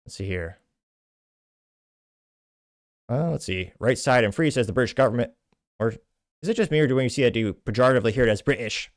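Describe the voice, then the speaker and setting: Guy rattling off posts fast and snarking on them, dry close sound, mid-pitched voice. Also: lively intonation, no room sound. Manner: brisk, scornful commentary between read-out quotes. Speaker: podcast host. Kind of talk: reading out and commenting on social media posts.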